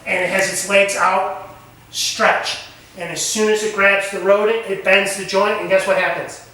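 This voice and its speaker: A high-voiced man leads a hands-on camp nature lesson and keeps asking his listeners questions. His voice is bright. He is picked up from far off in a very echoey room. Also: moderate pace, a little hiss or hum. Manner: animated, asks the group questions.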